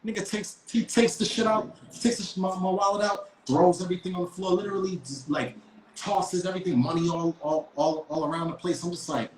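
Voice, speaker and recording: A man's voice: sits high, fairly even intonation, brisk, slight background noise. A man co-hosting a podcast, telling a story in a casual, emphatic, profane way with lots of restarts. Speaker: podcast co-host. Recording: roomy echo.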